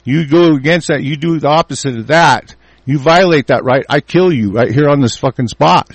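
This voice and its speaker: A man in a furious, profane rant, repeating himself and shouting through restarts. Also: a little high, moderate pace, no room sound. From United States. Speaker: ranting commentator.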